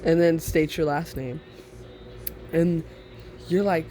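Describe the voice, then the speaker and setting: A man's voice: a little high, steady tone, a little slow, pauses often, mellow, a little hiss or hum. Rambling, giggly young man telling a story. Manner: rambling, giggly, many fillers. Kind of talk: second-person listener story, casual.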